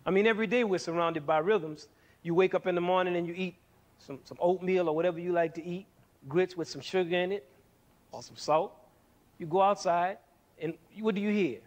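A man's voice: high voice, fairly even intonation, brisk. A middle-aged man presenting a music lesson for young people, asking questions and answering them himself, with counting and sound demonstrations. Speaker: music educator hosting a TV series.

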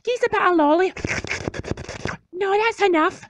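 A man's voice: extremely high pitch, a little slow, fairly bright tone, a little hiss or hum. A man voicing a foul-mouthed, bratty young male penguin with a Scottish accent in a comedy cartoon dub, whiny and swearing.

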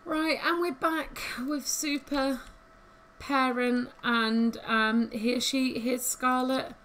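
A woman's voice: high-pitched, steady tone, slow pace, fairly bright tone, slight background noise. A woman casually commentating her life-simulation gameplay, chatty and giggly as she thinks aloud. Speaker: gaming YouTuber. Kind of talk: casual let's-play commentary. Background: faint game music.

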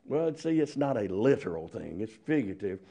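A man's voice: fairly low pitch, very animated, brisk, warm tone. A man preaching a sermon, emphatic and full of rhetorical questions.

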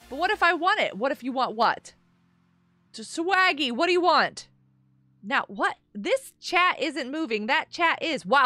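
Woman streamer, very high bright voice, giggly and lively, chatty with viewers, soft music underneath. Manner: bubbly, giggly, reads chat aloud. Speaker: live streamer. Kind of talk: casual live-stream chat. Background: faint music.

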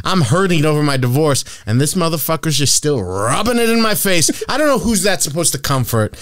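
Profane, excitable man hosting a podcast. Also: fairly high pitch, normal speed, no room sound, clean studio sound. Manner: profane, excitable storytelling with loud bursts. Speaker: podcast host. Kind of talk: casual comedic podcast chat.

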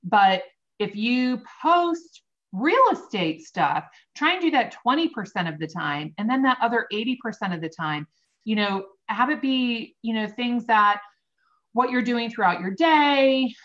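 A woman's voice: on the high side, expressive, measured pace, a bit bright, muffled recording. A woman host coaching real estate agents in a friendly, direct way on a video call. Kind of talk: casual interview chat.

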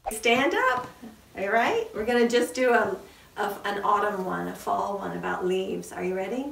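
A woman's voice: medium pitch, expressive, normal speed, gravelly, reverberant, recorded from a distance. A woman leading a preschool storytime, reading rhymes and singing songs in a sing-song voice, coaxing the children to join in.

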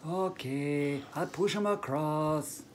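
A father voicing a forgetful male fox puppet, speaking slowly in a low mumble. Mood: dopey. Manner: slow, mumbled, confused.

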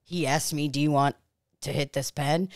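A woman's voice: low voice, fairly even intonation, normal speed, darkish tone, no room sound, studio quality. A woman playing a crass, blustering balding middle-aged male debt collector who swears and gets defensive in an improvised comedy sketch. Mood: sheepish. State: out of breath. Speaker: podcast co-host.

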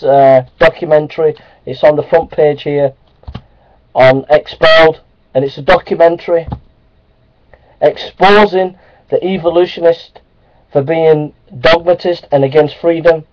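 A man's voice: a little high, measured pace, long pauses. A man ranting angrily into his camera, repeating short indignant phrases. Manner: repeating short angry phrases, building up then calming down. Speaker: video blogger. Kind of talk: angry ranting monologue. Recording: dull lo-fi webcam audio.

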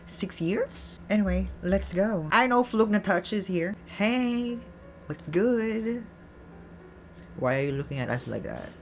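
A woman giving animated late-night movie reaction commentary at home, giggling and breaking into dramatic outbursts. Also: mid-range voice, takes it slowly, a little hiss or hum. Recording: film music playing under the voice. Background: movie soundtrack music.

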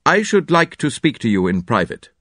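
A man voicing a grave, bearded doctor who speaks in a measured, formal way. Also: medium pitch, very animated, a bit bright, no room sound, clean studio sound, voice pushed up.

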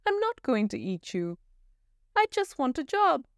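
A woman voicing a gentle, eager young male polar bear in a high, excitable voice. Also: measured pace, dry recording, clean studio sound, exaggerated voice.

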